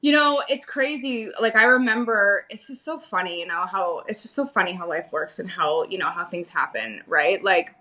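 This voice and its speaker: A woman's voice: mid-range voice, moderate pace, few pauses, pushed and bright. A woman talking candidly as a podcast guest, chatty and laughing often, full of fillers and the odd swear. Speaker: podcast guest, coaching client. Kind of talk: casual candid conversation.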